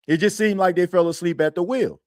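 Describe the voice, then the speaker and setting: A man's voice: sits high, a little fast, dry recording, clean studio sound. A man hosting a sports podcast in casual chat, rambling and slangy, repeating himself as he talks.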